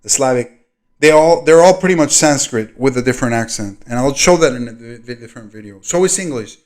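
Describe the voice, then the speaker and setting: A man hosting his own video, reading a diary aloud and breaking off into long commentary. He rambles, fills gaps with ums, and clears his throat often. His loudness rises and falls as he talks. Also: mid-range voice, expressive, a little fast. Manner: rambling, frequent throat clearing and fillers, loudness rising and falling. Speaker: video host.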